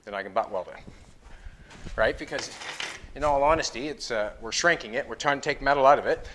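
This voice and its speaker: Over a noisy background in a car workshop, a Canadian man who hosts a car-building show explains his metalwork step by step. The metal fabricator speaks a little fast in a mid-range voice, chatting through his hands-on build commentary.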